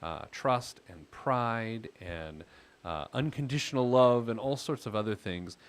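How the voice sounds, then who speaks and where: A man's voice: mid-range voice, expressive, measured pace. A man hosting a financial advice podcast, talking easily with a caller and using lots of filler words. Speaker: podcast host and financial planner. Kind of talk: casual advice chat with a caller.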